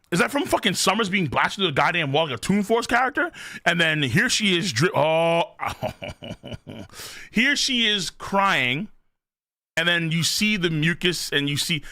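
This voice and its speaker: A man reacting live to a manga chapter on stream, excitable and profane, reading lines aloud and shouting at big moments. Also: a little high, no echo, studio quality.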